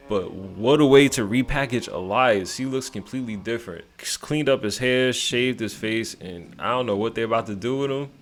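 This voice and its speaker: A man casually recapping a wrestling show, animated and playful, mimicking the wrestlers as he goes. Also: lowish voice.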